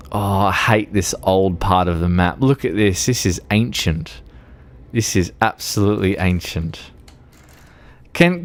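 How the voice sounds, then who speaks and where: Over a clear, resonant, low voice, a slightly drunk man chats casually while streaming a game. His talk wanders and turns emotional, punctuated by frequent laughter and easy swearing.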